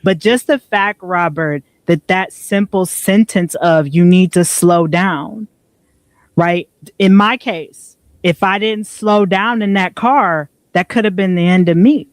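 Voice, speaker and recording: A woman's voice: lowish voice, slow, no echo. Woman co-host, reflective motivational chat, dry close sound. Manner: earnest, reflective, frequent "right?" tags. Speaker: podcast co-host.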